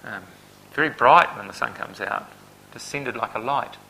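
A man preaching a Bible sermon who swells to loud, emphatic peaks and then drops back to a low, quiet delivery. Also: moderate pace, gravelly, slight background noise, rough recording.

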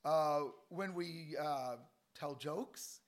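A man's voice: fairly high pitch, very slow. A man giving an informal Bible class talk to a live group, chatty and joking and rambling with many fillers. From Canada. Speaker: Bible school teacher.

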